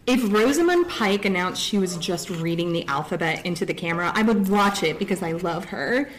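A woman's voice: fairly low pitch, fairly quick. Chatty woman co-hosting a live panel. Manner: chatty, filler-heavy, animated storytelling. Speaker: co-host. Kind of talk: casual live panel chat. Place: convention stage before a live audience.

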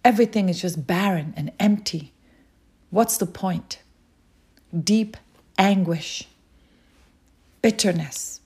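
A woman preaching a sermon, urging listeners with slow, repeated calls. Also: medium pitch, a little mellow, breathy edge. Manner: slow, repetitive exhortation.

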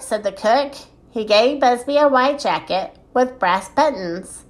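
A woman reading a children's storybook aloud, expressive and adding sound effects. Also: medium pitch, measured pace.

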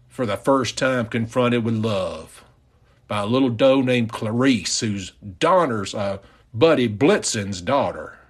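A man hosting a podcast, retelling a story in a folksy, mock-outraged way. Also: medium pitch. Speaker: podcast host.

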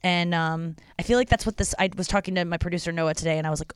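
A woman's voice: on the low side, quick pace, few pauses, clean tone, no echo, studio quality. A young woman hosting a casual solo podcast from her porch at home, chatty and rambling, swearing freely. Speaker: podcast host.

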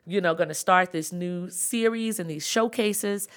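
An excitable woman recounts a story as a guest in a radio studio. Her talk is animated and her words come in quick bursts when she gets going. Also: fairly low pitch, clean tone. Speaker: comedy show producer, guest. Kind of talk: storytelling in an interview.

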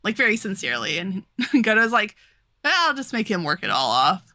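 Podcast co-host, woman, bright and forceful tone, dry close sound, acts out every character. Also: mid-range voice, dry recording. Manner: animated, acts out characters in quick quoted lines, laughs often. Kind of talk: casual chat, retelling a manga with quick voiced asides.

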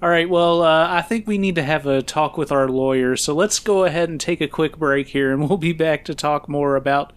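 A man co-hosts a loose movie podcast and walks through the plot in a light, fairly high voice. He laughs easily and fills his pauses with "uh" as he goes. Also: clean tone. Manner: laughs often, recaps plot with fillers. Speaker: podcast co-host. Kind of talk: casual film-review chat.

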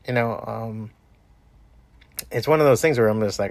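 A man rambles through a casual podcast monologue from home, swearing freely and restarting his sentences. His voice sits at an ordinary pitch for a man. The sound is close and dry, with no room echo. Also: a little fast, long pauses. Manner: profane, rambling, lots of restarts and fillers. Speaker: podcast host.

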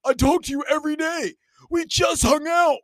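A flustered young boyfriend, defensive and eager to please, his voice jumping high when pressed, as a man mocks him in a rant. The sound is close and dry. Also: steady tone, moderate pace, no echo.

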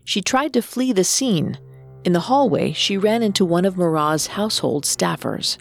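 A woman narrating a scripted true-crime story as a podcast co-host, measured with dramatic pauses. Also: fairly low pitch, expressive, vocal fry, faint music behind.

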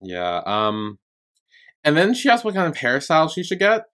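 A man co-hosting a podcast in relaxed casual chat, hesitant and easygoing. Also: fairly high pitch, moderate pace. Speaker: podcast co-host.

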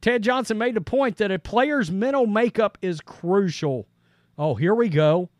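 High-voiced blunt male sports host. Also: no echo, clean studio sound. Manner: blunt and conversational, reads quotes then reacts. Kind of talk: opinionated sports commentary.

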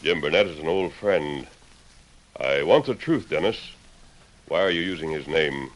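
A man's voice: a bass voice, expressive, normal speed. An actor playing a stern masked lawman hero in a 1940s radio drama, firm and commanding.

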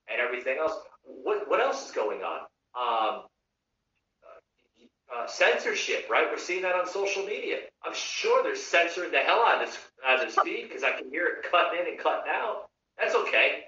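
A man's voice: medium pitch, sharp tone. A man hosting a live podcast, ranting casually about politics with swearing and repeated restarts. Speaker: podcast host. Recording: muffled, echoey audio heard from a distance.

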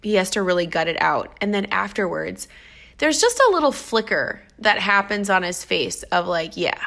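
A woman's voice: medium pitch, moderate pace, gravelly. A woman fitness trainer telling stories about her clients in a casual, enthusiastic vlog. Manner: upbeat, enthusiastic, animated storytelling.

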